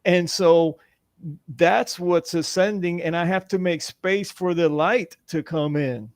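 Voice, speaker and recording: Halting high-voiced man, dry sound. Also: no echo. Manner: halting, repeats words, restarts a lot. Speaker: guest. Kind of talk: casual spiritual chat.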